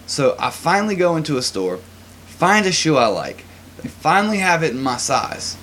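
A man's voice: fairly high pitch, big pitch swings, normal speed, a bit bright, slight background noise. A man telling a story in casual chat as a podcast co-host, laughing often and acting out the people he quotes.

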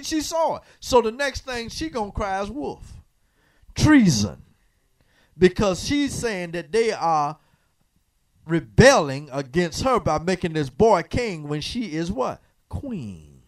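A man preaches in a sanctuary, teaching from the Bible call-and-response style. His voice sits high and swings widely in pitch. He teases the congregation and keeps prompting them to answer. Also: big pitch swings, a little slow. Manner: asks the congregation to fill in words, teasing and preacherly. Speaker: pastor. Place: church sanctuary.

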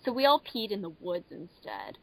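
A woman's voice: mid-range voice, huge pitch swings, normal speed, vocal fry, heavy background noise. A young woman co-hosting a casual podcast, chatty and upbeat as she tells stories. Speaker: podcast co-host. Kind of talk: casual chat.

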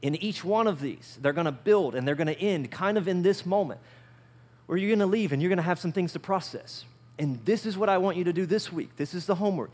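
Higher-voiced male pastor preaching. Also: brisk. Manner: conversational, repeats phrases, swings between loud and soft. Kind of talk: sermon.

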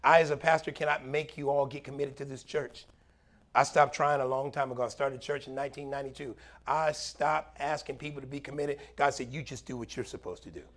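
A middle-aged man preaching a sermon as pastor, animated, swinging between loud highs and quiet low murmurs. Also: fairly quick.

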